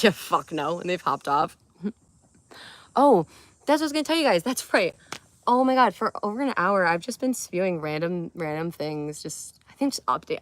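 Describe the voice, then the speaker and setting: Young woman, live streamer, low-ish voice; loose, giggly, rambling chatter with casual swearing. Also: fairly bright tone.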